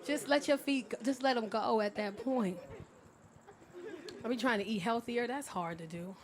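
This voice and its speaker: A woman performing stand-up comedy, telling brash stories with loud bursts on a comedy club stage. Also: a little high, normal speed, a crowd in the background.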